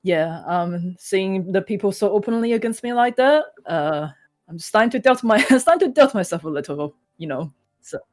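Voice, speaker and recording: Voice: mid-range voice, a little fast, a little mellow, soft background music, natural voice. A game master doing a shaky, sad toymaker. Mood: dejected. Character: anxious, downcast toymaker man.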